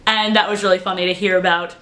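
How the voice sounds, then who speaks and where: A young woman vlogger chatting casually and excitedly, with lots of "like" as she recounts her day. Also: lowish voice, quick pace. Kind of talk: casual vlog recap. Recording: roomy echo.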